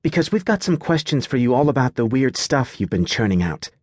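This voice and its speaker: A man's voice: mid-range voice, sing-song, a little fast, a little mellow, dry recording, clean studio sound. A man voicing a brash, impatient young woman who talks in a brusque, demanding way.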